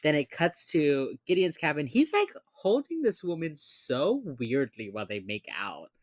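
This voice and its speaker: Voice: mid-range voice, normal speed, dry recording, studio quality. A podcast co-host in casual chat, retelling a TV episode scene by scene and acting out the characters' lines. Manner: animated storyteller who acts out the characters' lines.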